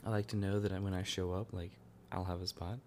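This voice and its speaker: A man's voice: low-pitched, level tone, quick pace, a little mellow, a little hiss or hum. Laid-back, slangy man. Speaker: podcast co-host. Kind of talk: casual chat.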